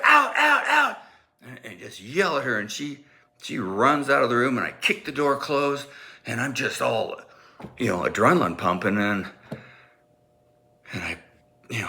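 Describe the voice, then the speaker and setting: A man telling a comic personal story in an animated way, acting out sounds and voices. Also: medium pitch.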